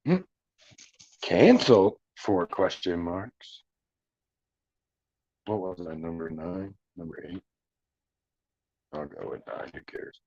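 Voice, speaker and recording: A man's voice: low voice, animated, slow pace, long pauses, darkish tone, no room sound, muffled recording. Joking, profane man hosting a livestream. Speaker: livestream host. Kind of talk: casual chat reading live comments. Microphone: headphones and mic at a computer.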